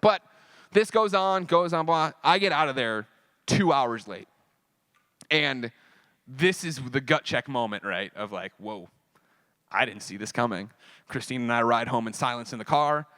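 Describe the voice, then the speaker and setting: A man speaking at a convention panel, telling a personal story in an animated, profane way and acting out the dialogue. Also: mid-range voice, a little slow, long pauses, no room sound.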